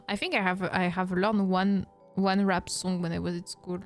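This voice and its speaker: A woman's voice: lowish voice, steady tone, normal speed, faint music behind. A woman from France with a French accent, chatting casually on a live Q&A stream, reading chat and laughing often. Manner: reads chat aloud, laughs often, playful teasing. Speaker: vtuber streamer.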